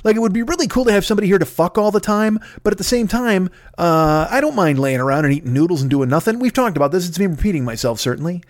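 A man's voice: sits high, expressive, fast, hardly any pauses. A middle-aged man hosting a podcast from home, doing a profane, rambling, self-mocking comedic monologue. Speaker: podcast host.

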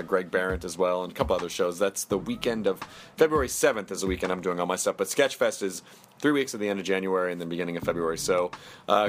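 A man's voice: fairly low pitch, fairly bright tone, slight background noise. A man in his thirties hosting a podcast, joking around in casual comedic chat. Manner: joking, playful, quick asides. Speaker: podcast host.

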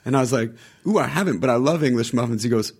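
A man's voice: medium pitch, fast, breathy edge. A man who is a guest on a podcast, chatting casually and acting out the people in his anecdotes. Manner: animated storyteller, acts out quoted voices.

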